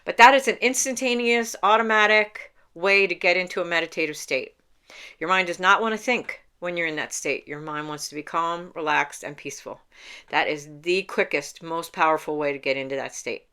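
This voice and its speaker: A woman coach talks through meditation steps in a calm, unhurried way. Her voice sits low and sounds smooth and clear. She laughs lightly now and then as she explains. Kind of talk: instructional talk to camera.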